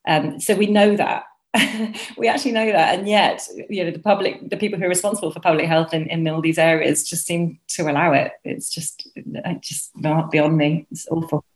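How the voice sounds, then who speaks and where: A woman speaks as a doctor on a podcast, earnest and thoughtful, and she often seeks agreement with tag questions. Her voice sits fairly low for a woman. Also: steady tone, normal speed. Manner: reflective, earnest, uses many tag questions. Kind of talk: casual conversational chat.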